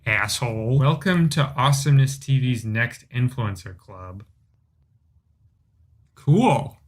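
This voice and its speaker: A man delivers comedic commentary narration in a sarcastic, deadpan way, dropping casual swears. His pitch moves a lot from line to line, middle in height overall. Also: slow pace. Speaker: video commentator.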